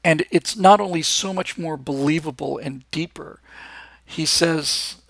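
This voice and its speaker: A man's voice: on the high side, measured pace, creaky, fairly bright tone, dry recording. A man hosting a live show, talking in a casual, enthusiastic and rambling monologue, with frequent restarts. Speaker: host.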